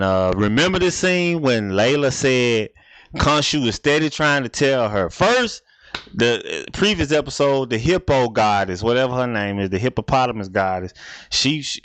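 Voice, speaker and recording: A man's voice: mid-range voice, lively intonation, moderate pace, fairly bright tone, dry recording. A man hosting a casual reaction video, talking in a rambling, repetitive, laid-back way.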